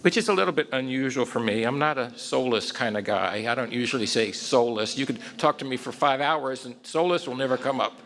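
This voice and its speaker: Gravelly older man telling a story. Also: mid-range voice, fairly quick, hardly any pauses. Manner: relaxed storytelling with wry self-deprecating humor; frequent "um" and "uh" fillers. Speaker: psychologist giving a conference talk. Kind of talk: conversational lecture with a clinical story.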